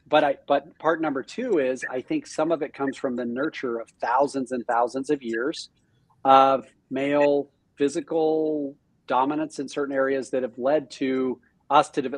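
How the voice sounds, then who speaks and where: A man talking as a podcast guest in a casual interview, animated and self-deprecating, often restarting his sentences. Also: medium pitch, moderate pace. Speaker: real estate team leader, podcast guest.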